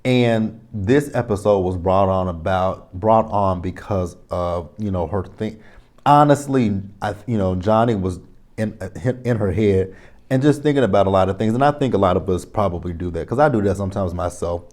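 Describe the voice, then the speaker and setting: A man's voice: low voice, moderate pace, darkish tone. A man, reviewing a reality show in a casual, rambling vlog from his home studio. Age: 30s. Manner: rambling, self-correcting, retells conversations.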